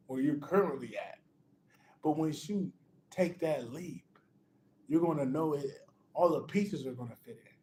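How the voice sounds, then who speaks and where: A man's voice: fairly high pitch, warm tone, a little hiss or hum. Emphatic man giving a spiritual pep talk. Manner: emphatic and repetitive, calls the listener "bro"; restarts phrases and laughs between points. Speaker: spiritual motivational speaker.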